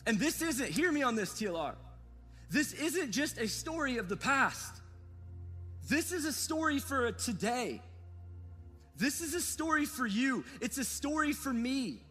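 A man's voice: very high-pitched, big pitch swings, unhurried, bright, forceful tone, husky. A man preaching a sermon as pastor, earnest and repetitive, speaking straight to his listeners. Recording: long hall reverb with faint music.

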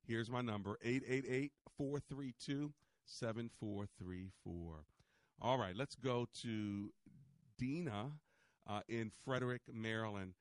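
A man hosting a radio call-in show, chatty and lively with quick restarts and chuckles. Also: medium pitch, dry recording. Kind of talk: casual call-in talk.

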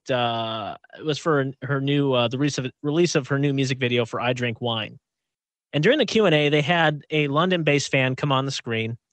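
A man's voice: fairly high pitch, a bit bright, no room sound. A man co-hosting a podcast in casual chat, often laughing and stumbling over his words. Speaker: radio podcast co-host.

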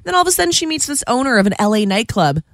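A woman co-hosts a radio show and runs through entertainment news in a playful, chatty way. Her pitch swings widely as she talks. The sound is close and dry. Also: rapid-fire, no echo. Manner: lively, playful, laughs often. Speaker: radio co-host. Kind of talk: casual entertainment news chat.

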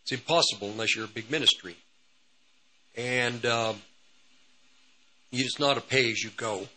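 Man, radio ministry host, bright tone, rambling testimony with restarts. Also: medium pitch, unhurried, low-quality recording. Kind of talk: testimony storytelling.

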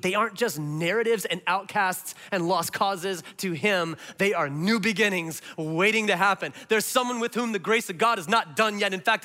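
Pastor, male, sermon. Bright, lively delivery, long hall reverb. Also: high-pitched. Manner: animated storytelling, rising to impassioned then dropping soft.

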